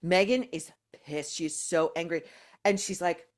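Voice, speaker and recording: A woman's voice: lowish voice, moderate pace. A woman guest commentator in a casual chat, speaking emphatically with scathing sarcasm.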